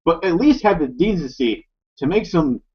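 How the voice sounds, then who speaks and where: A man with a husky, somewhat high voice complains in an exasperated way during casual podcast chat. The audio is muffled and lo-fi. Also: lively intonation, normal speed.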